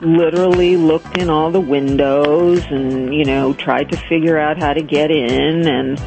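A woman's voice: low-pitched, fairly even intonation, a little slow, creaky, over music. A woman, a therapist and guest author, telling a story in a radio interview and acting out the voices she quotes. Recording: dull lo-fi sound with faint noise.

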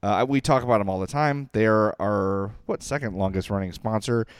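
A man co-hosting a sports podcast, talking in an animated, excitable way in casual chat. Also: lowish voice, a little fast, smooth, no room sound, clean studio sound. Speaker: podcast co-host.

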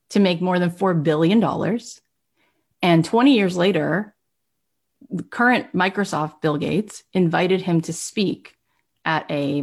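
A woman telling an anecdote in a lively way, acting out the people she quotes with a rising voice. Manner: animated, acts out quoted speech with rising pitch. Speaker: storyteller. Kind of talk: anecdotal storytelling.

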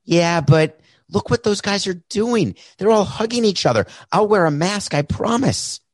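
Man putting on a whiny high-pitched ballplayer. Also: expressive, normal speed, no room sound. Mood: pleading. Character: headstrong young male ballplayer, insistent and whiny.

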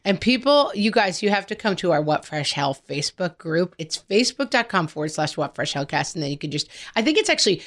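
Woman, middle-aged, low voice, podcast co-host, casual animated chat. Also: fairly quick, few pauses. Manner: chatty, animated storytelling.

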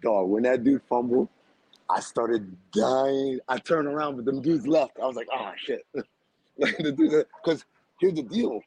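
A man on a podcast telling a story in a loud, animated way, laughing often and using lots of slang. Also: mid-range voice, a little slow, breathy edge, dry recording, rough recording. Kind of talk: casual chat.

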